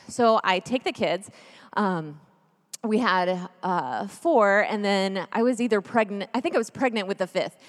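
A woman's voice: mid-range voice, a little slow. A woman in her thirties telling a family story as part of a sermon, chatty and jokey, turning earnest. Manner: lively, chatty, jokey, then earnest and hushed. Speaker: speaker at a church gathering. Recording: long reverb of a large hall.

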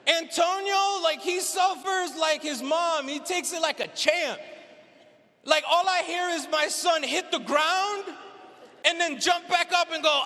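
A man performing animated stand-up storytelling on stage, acting out the people in his story. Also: very high-pitched, unhurried. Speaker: stand-up comedian. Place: stage in a hall. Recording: live venue with long reverb.

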